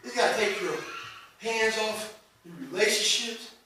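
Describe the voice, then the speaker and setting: A man's voice: sits high, unhurried, bright, forceful tone. A man preaching a sermon as pastor, emphatic and conversational, acting out the voices he quotes. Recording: echoey hall, mic at a distance, faint noise.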